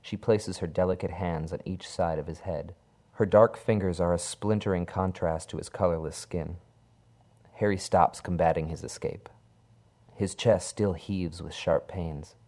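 A deep-voiced man narrates a horror story. His delivery is low, dark and measured. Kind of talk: dramatic horror story reading.

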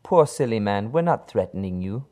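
A man's voice: lowish voice, animated, normal speed, darkish tone, voice pushed up, natural voice. A man voicing a seductive occult woman who speaks in a silky, sweetly mocking way.

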